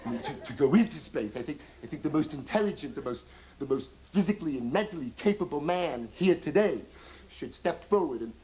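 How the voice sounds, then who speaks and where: A man's voice: a little high, lively intonation, fairly quick, dark tone, close to an everyday voice, low-quality recording. A man doing an impression of a nervous, neurotic male comic who stammers and repeats his words. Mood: anxious. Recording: old TV tape, audience noise.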